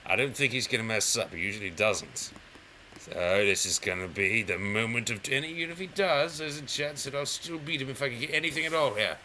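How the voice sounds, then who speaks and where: A man chatting his way through a brain-training game in a bright, sharp voice. He rambles, mocks himself and counts numbers aloud as he goes, with a faint hiss under the recording. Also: mid-range voice, lively intonation, fairly quick. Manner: rambling, self-mocking and playful, counting aloud while playing. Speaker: gaming channel host. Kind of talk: casual gameplay commentary.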